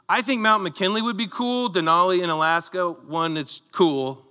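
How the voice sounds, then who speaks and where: Guy preaching in a big echoey hall, bright high voice, acts out the story. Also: normal speed, few pauses, smooth. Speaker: pastor. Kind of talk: sermon.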